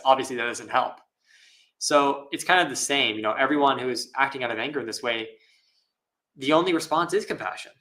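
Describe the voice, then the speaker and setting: A male Buddhist monk with a bright, clear voice gives an easygoing live question-and-answer talk. He speaks thoughtfully, laughs often and pads his phrases with fillers. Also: mid-range voice, poor audio.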